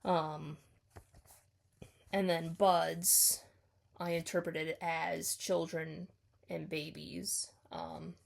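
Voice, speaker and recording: A woman, a student, offers a casual spoken analysis of a poem, tentatively and with many ums, repeatedly hedging and correcting herself. She speaks very slowly in a low, creaky, level voice and pauses often.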